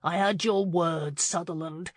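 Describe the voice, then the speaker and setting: A woman voicing a stern, protective man who speaks flatly and threatens. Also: mid-range voice, normal speed, dry recording, natural voice. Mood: threatening. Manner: flat, expressionless, then threatening. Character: protective stern man, guarding his cousin.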